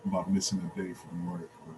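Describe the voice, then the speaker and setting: Very deep, hesitant man on a call. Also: little pitch movement, brisk, noisy background. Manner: hesitant, soft-spoken, many ums. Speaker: call participant. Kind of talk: casual discussion on a video call.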